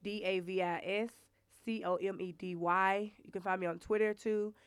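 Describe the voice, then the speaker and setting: Smooth-voiced woman comedian. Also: medium pitch, steady tone, moderate pace, no room sound. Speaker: comedian, guest. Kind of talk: casual chat, self-promotion.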